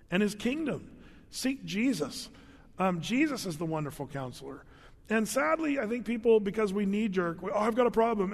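Middle-aged guy preaching, casual jokey sermon, kinda high voice, long hall reverb. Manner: conversational, joking asides, repeats words. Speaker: pastor.

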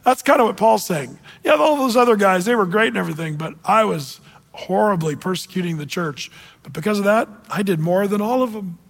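A male pastor delivers a sermon in an easygoing, conversational manner. His voice sits high for a man. It rings out with a long reverb through a church sanctuary. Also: expressive, a little fast, vocal fry. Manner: casual, conversational preaching with fillers.

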